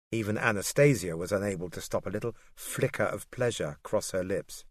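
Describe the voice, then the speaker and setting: Steady male audiobook narrator, dry sound. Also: lowish voice, dry recording. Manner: steady, measured storytelling. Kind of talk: scripted narration.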